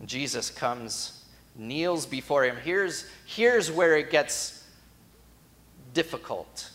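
A man's voice: fairly high pitch, expressive, takes it slowly, fairly bright tone. A man preaching a sermon in a conversational storytelling way that builds to emphatic moments.

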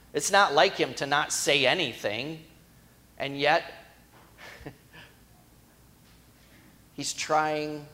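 A man's voice: mid-range voice, sharp tone. A man preaching a sermon in a conversational storytelling way that builds to emphatic moments.

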